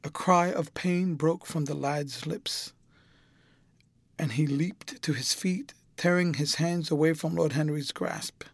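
Brief: male narrator, slightly high voice, measured and expressive, dry close recording. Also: dry recording. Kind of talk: audiobook narration.

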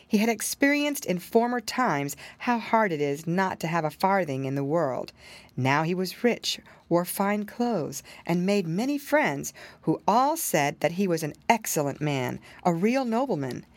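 A woman reading a fairy tale aloud, expressive storytelling with dramatic exclamations. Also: on the low side, a little slow, no echo.

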